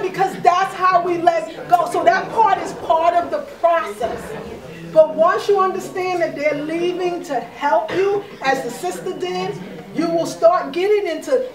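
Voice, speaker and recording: A woman giving spiritual advice in an animated storytelling way. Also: very high-pitched. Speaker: spiritual advisor. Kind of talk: conversational advice. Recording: echoey room, far from mic.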